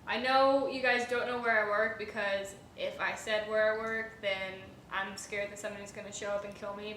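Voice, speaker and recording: A young woman and restaurant server telling a rambling, animated story in a casual vlog, swearing freely and using many fillers. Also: mid-range voice. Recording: echoey room with faint hiss.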